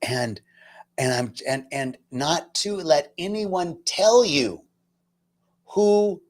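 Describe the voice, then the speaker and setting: A man telling a personal spiritual story in an earnest, emotional way. He is casual and chatty with self-mocking asides, and he drops to soft, near-whispered passages before rising loud again. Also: a little high, extremely slow. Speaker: spiritual talk host.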